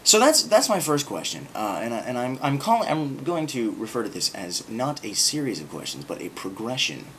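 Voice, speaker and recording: A man's voice: mid-range voice, sing-song, moderate pace, few pauses, a bit bright, a little hiss or hum. A man talking casually to camera in a rambling, sarcastic monologue with lots of filler words. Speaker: video blogger.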